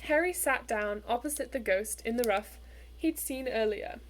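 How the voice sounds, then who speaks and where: A woman narrating a children's storybook in an expressive, measured way. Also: on the high side. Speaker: audiobook reader.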